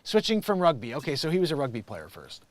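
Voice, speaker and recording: Guy goofing around reading sports news, rambling jokey asides, slightly high voice, dry close mic. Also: wildly swooping pitch, quick pace, dry recording. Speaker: improv comedy host. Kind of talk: improvised comic news reading.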